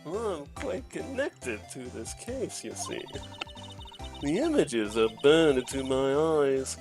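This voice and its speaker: A man's voice: on the high side, huge pitch swings, slow, music in the background, heavily acted. A man doing a nasal, sultry British lunch lady. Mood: sultry smug. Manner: posh, teasing. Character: sultry British female lunch seller, smug.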